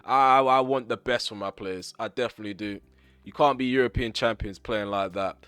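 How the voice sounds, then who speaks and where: A young man commentating his own football video game, ranting bluntly at his players with a voice going hoarse. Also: lowish voice, brisk, a bit bright, no room sound. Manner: frustrated, ranting, blunt with mild swearing. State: voice getting hoarse. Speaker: gaming YouTuber. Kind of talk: live gameplay commentary.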